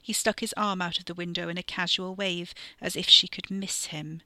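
A podcast storyteller reading a horror story in a steady, measured way, sometimes dropping into a whisper. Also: mid-range voice, no echo. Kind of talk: scripted narration of a horror story.

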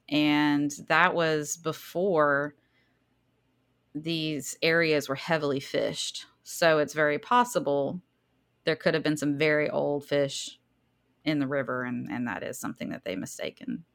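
A woman's voice: sits low, steady tone, unhurried, fairly bright tone, clean tone. A woman with a Southern accent, co-hosting a podcast and chatting casually while reading out research, laughing easily and stumbling over hard words. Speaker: podcast co-host.

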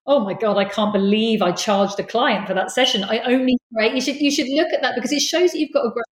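A woman's voice: on the high side, quick pace, roomy sound, poor audio. A woman hosting a podcast interview, speaking in an earnest, affirming, reflective way. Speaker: host, performance coach.

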